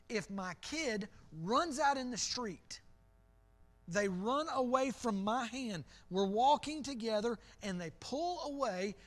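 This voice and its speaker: A middle-aged male pastor gives an evening sermon in church. His voice sits high for a man, and he talks to the room in an earnest, conversational way, often repeating phrases for weight.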